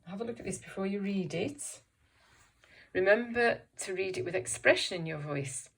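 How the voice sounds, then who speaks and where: A woman teacher giving an encouraging, expressive reading lesson to young children, asking them questions about the story. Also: medium pitch, moderate pace, gravelly. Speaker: primary school teacher.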